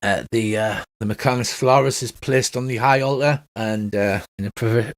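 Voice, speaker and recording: Male game master, hesitant narration, mid pitch, dry sound. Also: fairly quick, dry recording. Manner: hesitant, lots of filler sounds.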